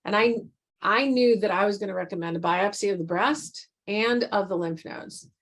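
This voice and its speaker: Woman doctor explaining her approach. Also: medium pitch. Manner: measured, explaining, occasional restarts. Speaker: breast surgeon, physician. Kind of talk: explanatory interview answer.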